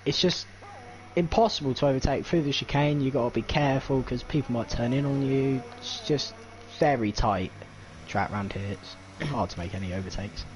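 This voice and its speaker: Working as co-commentator and strategy analyst, a young man breaks down a sim racing lap, addressing the listener as "you" like a coach. He has a medium-pitched voice at a normal pace, and the recording quality is low.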